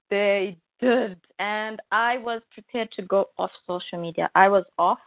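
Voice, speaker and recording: An unhurried woman with a medium-pitched voice co-hosts a casual podcast chat, animatedly recounting stories and voicing what people said. The audio is free of echo but has a tinny, phone-line quality.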